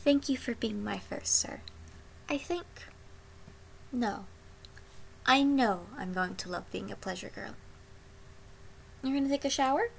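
A young woman performing an intimate audio role-play, breathy and pleading, often sinking into soft whispers. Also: fairly high pitch, a little slow, long pauses, a little hiss or hum.

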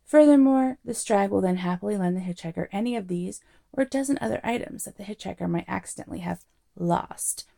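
A woman reading a novel aloud as narrator in a wry, measured storytelling manner. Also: mid-range voice, vocal fry, mellow.

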